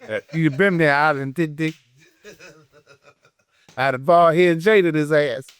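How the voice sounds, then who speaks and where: A man from Detroit with a Detroit accent, telling a story in an unfiltered, profane, heated way, swinging between loud and low. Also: slow, smooth, no room sound, clean studio sound. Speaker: guest. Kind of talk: unfiltered casual interview. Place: podcast studio.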